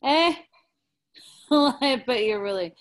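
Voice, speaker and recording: A woman reading the part of a sarcastic, resentful man, with a slow sneer. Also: a little high, expressive. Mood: drunk sneering. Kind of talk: live script reading over video call.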